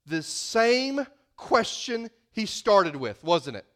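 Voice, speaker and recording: Male pastor, sermon, folksy plain talk, high-pitched voice. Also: big pitch swings, takes it slowly, fairly bright tone. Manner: folksy, conversational preaching.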